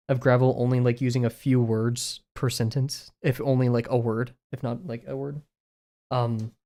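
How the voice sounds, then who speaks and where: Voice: mid-range voice, warm tone. A young adult livestreamer chatting casually while drawing, rambling and self-deprecating, muttering asides to themself. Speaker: livestreaming artist.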